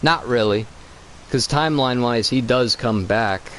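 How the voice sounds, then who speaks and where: A man with an average-pitched voice rambles through casual gaming commentary, swearing freely and ranting. A faint hiss sits quietly under his voice. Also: unhurried, low-quality recording. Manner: profane, ranting, loose and rambling. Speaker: gaming channel co-host.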